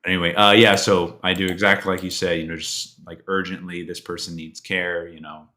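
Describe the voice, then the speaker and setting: Man, tabletop player, casual and rambling, low voice, bright edge. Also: level tone, fairly quick. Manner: casual, many likes and you-knows. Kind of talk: casual chat in a tabletop game.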